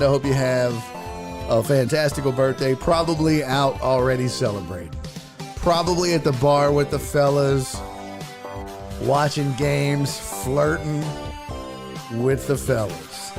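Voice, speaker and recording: A man hosting a live-streamed sports talk show, chatting loosely with viewers, joking and swearing. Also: a little high. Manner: loose, profane, joking banter with chat.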